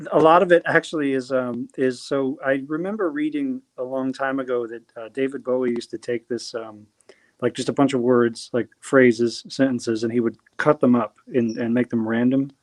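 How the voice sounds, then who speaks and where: A man's voice: mid-range voice, fairly even intonation, moderate pace, no room sound. A man from New Jersey, a singer-songwriter guest, talking casually in an interview, rambling with many fillers and restarts.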